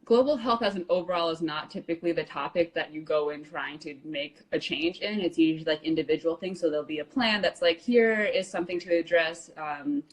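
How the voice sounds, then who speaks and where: Casting: woman co-host, low pitch, easygoing filler-heavy chat. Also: brisk, hardly any pauses, low-quality recording. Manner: casual, heavy on "like" and "um", laughs easily. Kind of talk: casual live-stream chat.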